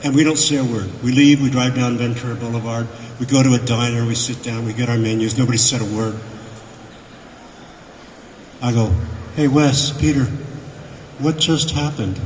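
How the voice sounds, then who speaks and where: A man guesting on a convention panel, telling animated anecdotes to a live audience and acting out the voices in his quotes. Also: mid-range voice, a little fast, pauses often, slight background noise. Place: convention hall. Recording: echoey hall, miked from afar.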